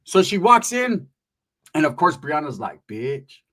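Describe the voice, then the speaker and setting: A man telling a comic story in an animated, profane, slang-heavy way. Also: high voice, unhurried. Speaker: comedian.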